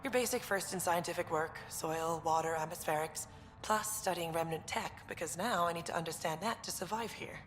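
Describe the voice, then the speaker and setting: A woman's voice: fairly low pitch, moderate pace, natural voice. An actress voicing a wry, matter-of-fact female research director in a video game. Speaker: game character. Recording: game audio with reverb and loud music.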